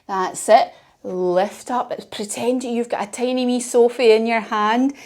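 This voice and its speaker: A woman's voice: on the high side, fairly even intonation, a little slow, darkish tone. A woman leading a children's yoga class while telling a story, playful and encouraging. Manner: encouraging, playful, sing-song. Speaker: kids yoga teacher.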